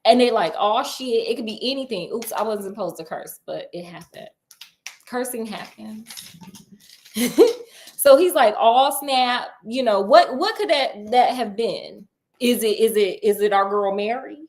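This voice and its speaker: A woman's voice: mid-range voice, a little slow, a little mellow. A woman retelling a book in a sassy, chatty, comedic way with laughing asides. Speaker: storyteller.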